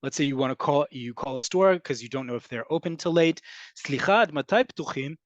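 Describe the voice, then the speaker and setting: A man teaching a casual online Hebrew class, explaining words slowly and acting out tones of voice. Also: on the high side, expressive, dry recording, dull audio.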